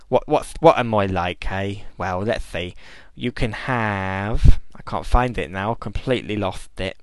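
British bloke dj babbling on air in a daft put-on voice, dry close sound. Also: male voice, on the low side, slow pace, no echo. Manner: rambling, babbling banter; putting on a silly exaggerated voice. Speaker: radio DJ. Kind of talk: live internet radio chat.

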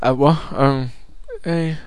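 A man's voice: medium pitch, fairly even intonation, takes it slowly, smooth, dry recording. A man chatting casually, rambling and joking at his own expense. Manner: rambling, joking, self-deprecating. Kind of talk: casual chat.

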